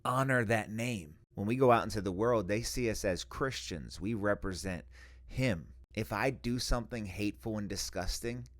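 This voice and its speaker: A man's voice: fairly low pitch, moderate pace. A man hosting a Christian reaction video, arguing emphatically and reading scripture aloud. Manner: emphatic, argumentative, quoting scripture. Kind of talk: reaction commentary and Bible teaching.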